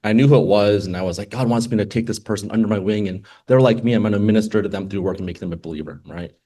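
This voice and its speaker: A man's voice: lowish voice, rapid-fire, mellow, breathy edge. A man, an attorney, telling a personal faith story to a group in a casual storytelling way, acting out the quoted dialogue and adding many asides. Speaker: attorney sharing a testimony. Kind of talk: personal testimony at a group meeting.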